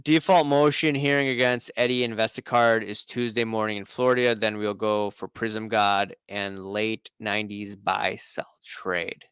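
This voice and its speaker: A man's voice: lowish voice, fairly even intonation, a little slow, hardly any pauses, fairly bright tone, clear, resonant tone, dry recording. A man hosting a casual live stream, chatting and reading out viewer comments in a rambling way.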